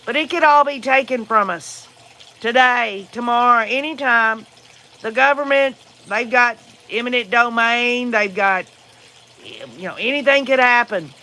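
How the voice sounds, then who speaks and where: A man's voice: very high voice, bright, forceful tone. A man with a Southern US accent hosting a casual livestream, answering viewer comments in a rambling, opinionated way. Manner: rambling and opinionated, with frequent fillers. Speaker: livestream host.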